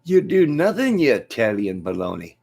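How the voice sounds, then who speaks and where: A man putting on a cocky, taunting Irish male prizefighter with a mocking, high, shouting voice. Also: wildly swooping pitch, normal speed, vocal fry, husky, heavily acted. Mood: shouting insults. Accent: put-on Irish.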